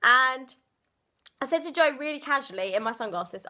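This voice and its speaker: Young girl telling a story on her vlog, chatty n giggly, highish bright voice. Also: animated, moderate pace. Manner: chatty and giggly, lots of "like" fillers. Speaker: vlogger. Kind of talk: casual storytime chat.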